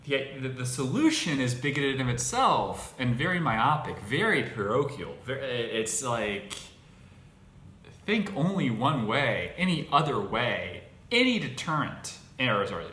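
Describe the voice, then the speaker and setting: A man hosting his own show, talking in a casual monologue, halting and restarting his phrases with exasperation. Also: mid-range voice, sharp tone. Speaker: podcast host. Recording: echoey room with faint noise.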